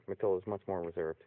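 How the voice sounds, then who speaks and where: Man cooing at pets, tinny audio. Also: a little hiss or hum. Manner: coos in a high sing-song voice at the animals. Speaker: pet owner filming his foxes. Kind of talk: casual talk to animals. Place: outdoors by a barn.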